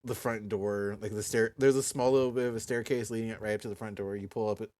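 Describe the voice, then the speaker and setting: A man narrating as game master in a casual tabletop role-playing session, with relaxed, halting speech and frequent restarts. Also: lowish voice.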